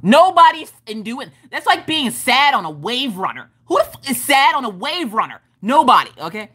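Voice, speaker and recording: Livestream host, woman, profane jokey rambles, bright animated delivery. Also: fairly high pitch, normal speed, slightly rough. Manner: rambling, joking, laughing, profane. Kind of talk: casual livestream chat.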